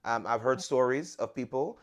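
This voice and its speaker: A man's voice: mid-range voice, moderate pace. A man hosting a podcast, telling a personal story in an earnest, conversational way and often repeating words as he restarts. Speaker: podcast host.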